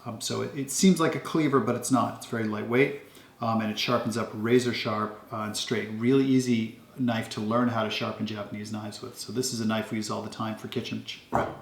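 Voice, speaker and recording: Gravelly-voiced man in an echoey kitchen. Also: fairly low pitch, fairly quick. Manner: relaxed, rambling, many ums. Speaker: home cook showing his knives. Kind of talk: casual show-and-tell. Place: home kitchen.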